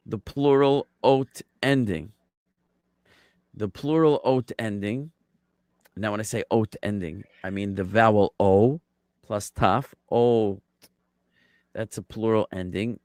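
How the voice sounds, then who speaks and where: Slow, patient male Hebrew teacher. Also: lowish voice, no room sound, clean studio sound. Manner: patient, quizzes students with questions; drills word forms by repetition. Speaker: rabbi teaching Biblical Hebrew. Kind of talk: classroom grammar lesson.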